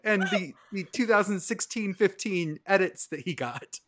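A man in his thirties with a bright, forceful voice that sits a little high for a man. He riffs in a loose, profane, animated way, the kind of talk you hear in a casual sports podcast chat. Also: normal speed. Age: 30s. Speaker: podcast co-host.

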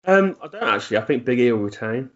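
A man co-hosting a podcast, explaining his reasoning in a measured way. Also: mid-range voice, very animated. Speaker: podcast co-host. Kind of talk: casual chat. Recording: dull lo-fi sound.

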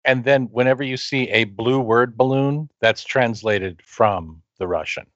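A man co-hosting a podcast in casual chat, jumping in with quick asides. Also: medium pitch, fairly bright tone, no room sound. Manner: chatty, jumps in with quick asides. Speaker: podcast co-host. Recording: dull lo-fi sound.

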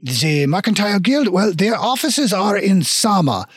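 A man's voice: sits high, unhurried, husky, no room sound, clean studio sound, full character voice. A man putting on a fussy French-accented dwarf. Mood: worried. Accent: fake French. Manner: polite, flowery, excitable. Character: stout middle-aged male stilt dwarf innkeeper, fussy and eager.

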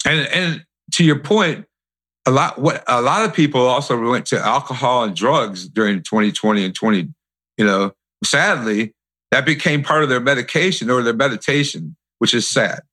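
A man hosting a podcast in a casual, friendly way, dropping in little fillers as he talks. His voice sits at an ordinary pitch for a man, neither high nor low. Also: normal speed, pushed and bright. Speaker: podcast host. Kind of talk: casual interview chat.

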